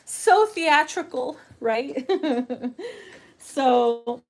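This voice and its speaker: A woman giving a casual tarot reading, brash and profane, theatrical and quick to laugh. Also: sits high, lively intonation, a little mellow. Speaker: tarot reader.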